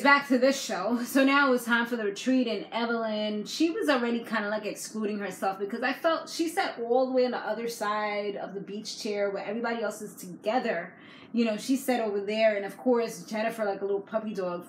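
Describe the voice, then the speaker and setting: In an echoey room with faint background noise, a woman vlogger with a mid-range voice and brisk pace recaps a reality TV episode. Her casual chat is chatty and slangy, and she laughs often.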